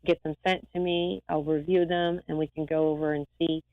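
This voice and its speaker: A woman eye doctor talking as a guest in a lively, rambling, emphatic way. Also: deep voice, a little fast, no echo, phone-quality sound. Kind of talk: casual interview talk.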